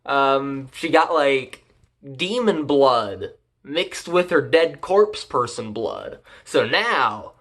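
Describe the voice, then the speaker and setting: A man's voice: fairly high pitch, fairly bright tone. A young man recapping an anime in a casual, rambling and crude manner, joking as he goes. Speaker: anime reviewer.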